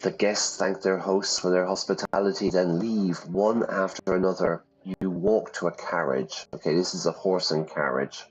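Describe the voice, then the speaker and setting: A man who teaches English by reading a story game aloud and pausing to explain phrases in a relaxed way. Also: low voice, breathy edge. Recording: slightly dull lo-fi sound with faint music.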